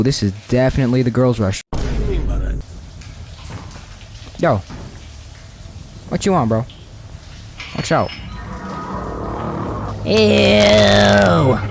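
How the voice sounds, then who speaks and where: A young man commenting as he plays a horror video game, talking to his viewers, excitable and cursing, often yelling in fright. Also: medium pitch, noisy background. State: out of breath. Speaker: gaming video creator. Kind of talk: let's play commentary.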